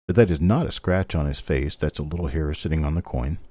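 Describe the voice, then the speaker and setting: A man's voice: extremely low pitch, a little fast, dark tone, dry recording. A middle-aged man hosting a live online coin auction, calling bids steadily and chatting between lots. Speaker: auctioneer host.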